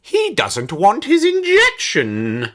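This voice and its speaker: A man's voice: high voice, wildly swooping pitch, slow pace, pushed and bright, voice pushed up, full character voice. A man reading a children's storybook aloud, voicing a stern female school nurse who speaks in a firm, commanding way.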